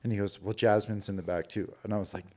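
A man's voice: fairly low pitch, fast talker. A man from Canada telling a personal story on a podcast in a casual, profane way, acting out the dialogue. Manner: profane, animated, acts out quoted dialogue. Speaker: podcast guest recounting a personal experience.

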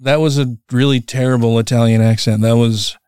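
A middle-aged man talks as a podcast host in a relaxed, joking way, swearing freely and laughing often. His voice is smooth and resonant at an ordinary pitch. The sound is dry and close. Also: a little fast, no room sound. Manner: laid-back, laughs often, swears casually. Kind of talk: casual podcast chat.

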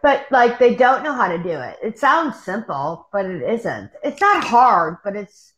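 A woman's voice: medium pitch, sing-song, moderate pace, fairly bright tone. A woman from the Pittsburgh area chatting casually on a podcast, rambling and laughing easily. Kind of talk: casual chat.

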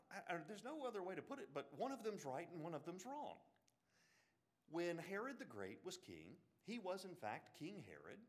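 A man with an Alabama Southern accent giving a classroom lecture on the Bible, animated, with joking asides and frequent restarts. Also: fairly high pitch. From Birmingham, Alabama.

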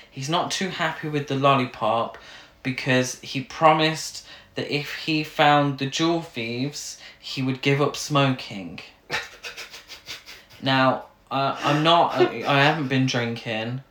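A podcast co-host chatting casually about a film, animated, swearing and laughing often. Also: mid-range voice. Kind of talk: casual film review chat. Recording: roomy echo.

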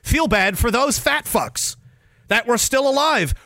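A man hosting a podcast, delivering a sarcastic, profane rant with loud outbursts. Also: very high voice, expressive, measured pace, no echo, studio quality. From Canada. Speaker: podcast host. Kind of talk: angry ranting monologue.

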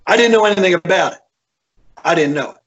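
Brief: husky male guest, animated storyteller, keeps restarting his sentences. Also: high voice, quick pace, lo-fi sound. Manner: animated, repeats and restarts words. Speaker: guest, tribute singer. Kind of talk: casual storytelling.

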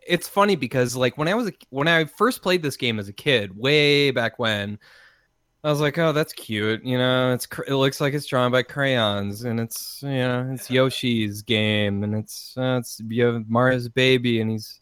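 Excitable, animated male podcast co-host, dry close sound. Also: mid-range voice, moderate pace, smooth, dry recording. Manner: excitable, animated, with many restarts. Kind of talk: casual chat.

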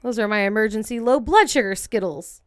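A young woman co-hosting a casual true-crime podcast, chatty and quick to laugh and swear. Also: on the high side, clear, resonant tone, no echo, studio quality. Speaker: podcast co-host.

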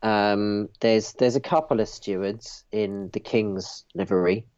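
A man narrates as game master of a tabletop game, pausing often with fillers. His voice sits low, and the recording is dull and lo-fi. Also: steady tone, darkish tone, smooth. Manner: halting, full of fillers.

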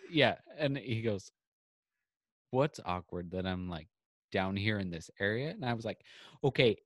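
Retelling a story on a podcast from home over a video call, this man voices both people in the exchange with animated energy. He speaks unhurriedly in a low register, with no room sound.

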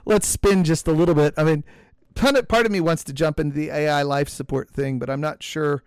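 A man hosting a casual religious podcast discussion, speaking in a measured way with frequent restarts and reading scripture aloud. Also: fairly high pitch, fairly even intonation, a little mellow, clear, resonant tone, no room sound. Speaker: podcast host.

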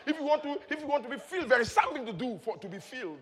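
A man preaching a sermon, moving between quiet teaching and shouted praise, often chuckling as he speaks. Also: very high-pitched, lively intonation, racing. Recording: long hall reverb.

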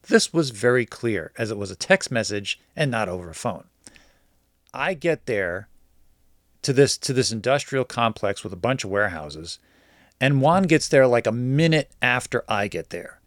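Animated man telling a story. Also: mid-range voice, no room sound, clean studio sound. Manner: animated, acts out quoted dialogue. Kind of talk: casual storytelling.

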